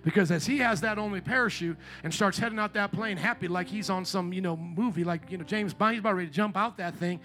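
A man preaching a sermon as pastor, fervent and growing loud and emphatic, slowing right down when he quotes scripture. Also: high-pitched. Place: church sanctuary. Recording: faint guitar music behind.

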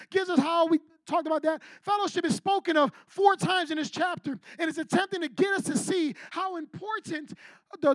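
A man's voice: very high-pitched, a bit bright, no room sound, studio quality. A young man preaching a youth sermon in a direct, slangy way, asking the room questions and acting out what people say. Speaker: youth pastor. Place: church youth service before a live group.

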